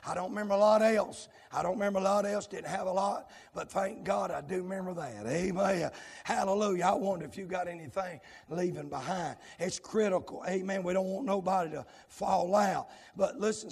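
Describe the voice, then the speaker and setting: Gravelly preacher shouting in a church. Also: male voice, big-room sound. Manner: swings between hollered, sing-song runs and low, rapid asides to the congregation. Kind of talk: shouting revival sermon.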